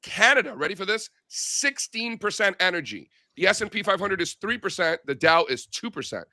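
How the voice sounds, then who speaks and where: A man hosting a casual market chat show, loud, playful and animated as he tells stories. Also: high-pitched, fairly quick, no echo, clean studio sound. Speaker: show host.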